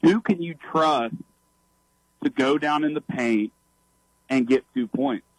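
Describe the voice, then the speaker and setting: A man calling in to a sports radio show, laying out his opinion in an earnest, measured way. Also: medium pitch, dry recording, low-quality recording. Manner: earnest, measured analysis with frequent "I think".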